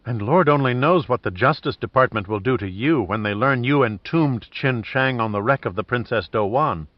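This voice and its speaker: A man reading the lines of a brisk, affectionate woman, near his own voice, on a dull dry recording. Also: medium pitch, dry recording, close to an everyday voice.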